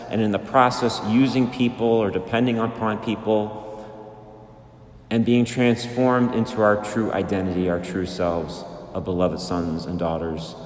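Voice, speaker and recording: A man preaching a sermon as a priest, slow and measured with drawn-out pauses, in a large church. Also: fairly low pitch. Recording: echoey church with long reverb.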